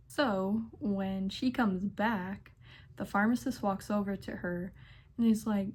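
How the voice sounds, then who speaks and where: A sassy, exasperated young woman telling workplace stories in a vlog. She speaks at an unhurried pace, her delivery dry and amused. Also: medium pitch, fairly even intonation, darkish tone. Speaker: pharmacy technician. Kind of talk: storytime vlog narration.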